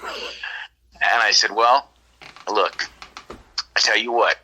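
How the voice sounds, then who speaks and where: Casting: man from California, lower-pitched but very bright and forceful, rambling anecdote with acted-out quotes. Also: drawn-out words, slightly rough, low-quality recording. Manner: rambling, animated, acts out quoted dialogue. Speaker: guest telling an encounter story. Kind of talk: casual storytelling on a podcast.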